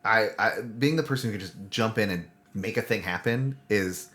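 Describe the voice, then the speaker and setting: A man's voice: fairly low pitch, moderate pace, fairly bright tone. A man co-hosting a casual podcast chat who thinks aloud in loose, rambling phrases. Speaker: podcast co-host; improv teacher.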